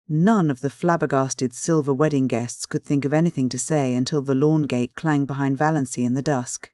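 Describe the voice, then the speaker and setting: An audiobook narrator reading a classic novel in a measured storytelling manner. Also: medium pitch, fairly even intonation, darkish tone, no echo, studio quality. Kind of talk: scripted narration.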